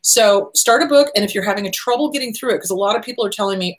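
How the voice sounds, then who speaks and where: A woman's voice: mid-range voice, racing. A middle-aged woman therapist hosting a show, talking casually and animatedly, often acting out the voices she quotes. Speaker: therapist host. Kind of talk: casual advice talk.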